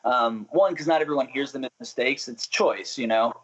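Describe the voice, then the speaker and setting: A young man talks casually as an interview guest, restarting his sentences and laughing now and then. His voice sits at a middle pitch. The audio is a little muffled. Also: moderate pace, slightly rough. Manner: chatty, self-interrupting, laughs often. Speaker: musician guest.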